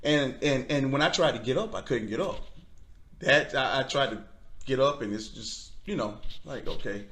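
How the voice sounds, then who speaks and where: A man telling a personal faith testimony in conversation, earnest and halting, with frequent restarts. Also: mid-range voice, a bit bright. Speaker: guest.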